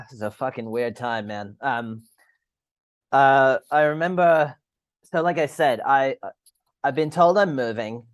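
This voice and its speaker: A man's voice: mid-range voice, no room sound, clean studio sound. A man with an Australian accent, a podcast guest chatting casually over a call, rambling and swearing as he restarts his sentences.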